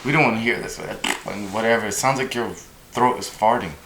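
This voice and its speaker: A man's voice: medium pitch, brisk, fairly bright tone, a little hiss or hum. A man with a light Boston accent, co-hosting a podcast in a blunt, joking way and swearing freely. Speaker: podcast co-host. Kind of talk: casual chat.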